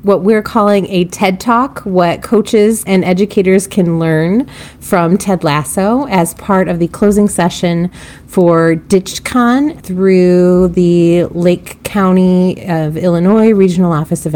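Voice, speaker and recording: A woman's voice: on the low side, unhurried, mellow. A woman co-hosting a podcast, explaining a game in casual chat and laughing easily. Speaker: podcast co-host.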